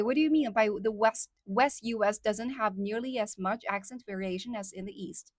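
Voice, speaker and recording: A woman's voice: mid-range voice, moderate pace, few pauses, dry recording, clean studio sound. A young woman from China with a Chinese accent, chatting casually on her live stream with many fillers. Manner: chatty, many fillers, reads out viewer comments.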